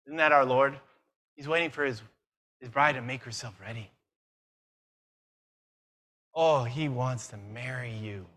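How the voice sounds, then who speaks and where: A man preaching a conference sermon, lively and self-mocking, firing questions at the audience. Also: medium pitch, measured pace, pauses often. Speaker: conference speaker.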